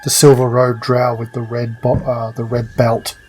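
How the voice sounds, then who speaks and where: A man playing in a tabletop game, giving lively asides about his character. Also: mid-range voice, normal speed, faint music behind. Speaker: player.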